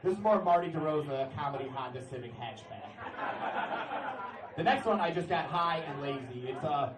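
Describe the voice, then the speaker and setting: A man's voice: fairly high pitch, lively intonation, moderate pace, recorded from a distance, noisy background. Brash young man doing stand-up in a club. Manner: brash, bursts into shouted announcer-style bits. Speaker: stand-up comedian. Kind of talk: stand-up set. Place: comedy club stage. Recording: roomy club sound from off-mic, loud crowd laughter.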